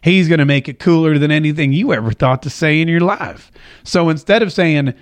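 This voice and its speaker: A man hosting a casual commentary show, talking in a chatty, joking way with animated asides. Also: a little high, a little fast. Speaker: show host.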